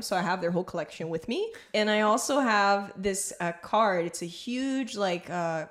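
A woman's voice: medium pitch, animated, normal speed. A woman from Brazil with a Brazilian accent, hosting a casual podcast conversation and now and then searching for an English word. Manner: chatty, searches for English words. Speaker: podcast host.

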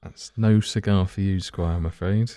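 A man's voice: low voice, fairly even intonation, moderate pace, warm tone, no room sound, clean studio sound. Teasing man hosting a quiz. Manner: teasing, reads clues with playful asides. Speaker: quiz host. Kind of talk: casual quiz among friends.

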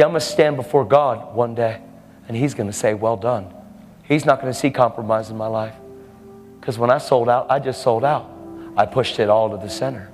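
A man's voice: medium pitch, darkish tone. A man preaching a sermon boldly and emphatically, with laughing asides. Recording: hall reverb with faint music.

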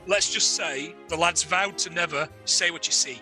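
A man telling a crude comic anecdote with lively relish. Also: on the high side, moderate pace, soft background music. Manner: lively, laughs at own story, crude. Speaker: guest storyteller.

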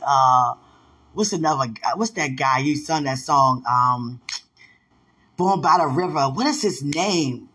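Woman, middle-aged, casual affectionate chat, rambling, husky, bright. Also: deep voice, animated, unhurried. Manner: rambling, affectionate, loose storytelling.

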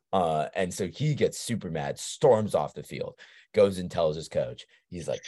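A man hosting a podcast, telling a long, rambling anecdote in a casual, animated way with lots of filler words. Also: low voice, unhurried, no echo, studio quality. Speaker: podcast host. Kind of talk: casual storytelling chat.

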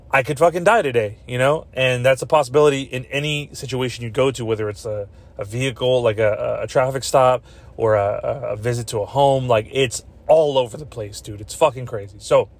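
Young man, podcast host, casual rant, swears constantly, rambling, mid-pitched voice. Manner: profane, rambling, animated.

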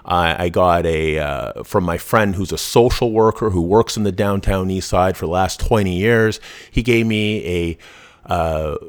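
A podcast host, talking in a blunt, profane, casual monologue full of restarts. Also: male voice, sits low, unhurried.

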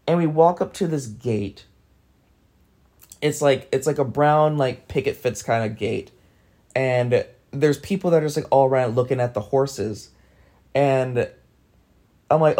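A man tells a personal anecdote in a relaxed, casual way, with many "like" fillers. His voice is mellow and dark, at an ordinary middle pitch for a man. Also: a little slow, pauses often. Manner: loose, filler-heavy telling with many "like"s. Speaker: storyteller.

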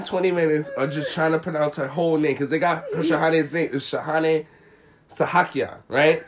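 A young man co-hosting a casual chat, telling a story with laughter and loud acted-out quotes. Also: on the high side, moderate pace. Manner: animated, laughing, acts out quotes loudly.

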